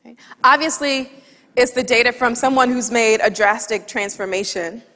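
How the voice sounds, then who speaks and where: A woman giving a humorous storytelling talk on stage, lively and laughing at her own anecdote, into a headset or lapel mic. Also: on the high side, normal speed. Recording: long hall reverb from a stage talk.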